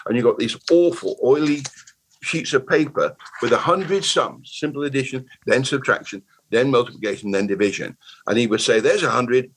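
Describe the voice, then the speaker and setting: Husky older man with a Bristol accent. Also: mid-range voice, moderate pace, poor audio. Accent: Bristol English. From Bristol, England. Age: 80s. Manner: rambling, animated, restarts words often. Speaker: guest. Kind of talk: casual conversational storytelling.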